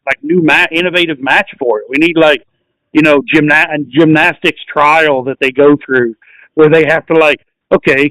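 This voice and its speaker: A man hosting a podcast with a somewhat high voice, rambling through casual chat and crude jokes, full of fillers. The sound is dry and close, with no room echo. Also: a bit bright. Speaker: podcast host.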